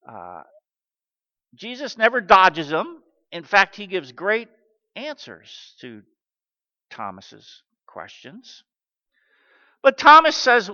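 Lively high-voiced older pastor preaching. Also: male voice. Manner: animated, acts out quotes in character. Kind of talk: sermon. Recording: dull recording with long hall reverb.

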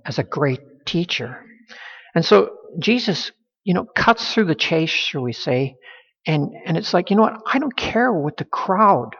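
A man with a husky, slightly breathy voice delivers a sermon in earnest, often doubling back on his words as he goes. The recording sounds a bit dull and muffled, and it carries a long, echoing reverb from the hall. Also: on the high side. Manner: earnest, with frequent repeated words and restarts. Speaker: preacher.

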